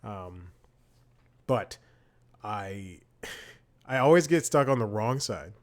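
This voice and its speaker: A man's voice: lowish voice, lively intonation, slow. A man hosting a comedy podcast who tells rambling personal anecdotes in a casual chat and corrects himself often as he goes. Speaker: podcast host.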